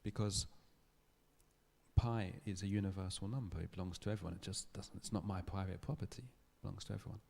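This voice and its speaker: A man giving a public lecture, telling a story in a thoughtful, measured way with small restarts. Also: low-pitched, steady tone, vocal fry, mellow. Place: lecture hall.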